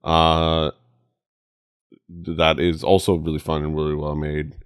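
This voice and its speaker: A man co-hosting a casual podcast chat, halting with many restarts. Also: monotone, clear, resonant tone, dry recording, studio quality. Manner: halting, many restarts, jumps into high mimicry. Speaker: podcast co-host.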